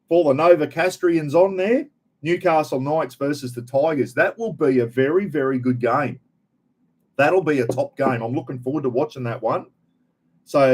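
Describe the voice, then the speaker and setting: A middle-aged Australian man hosting a casual live chat, talking in a rambling, blokey, slangy way straight to his viewers. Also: mid-range voice. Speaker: live stream host.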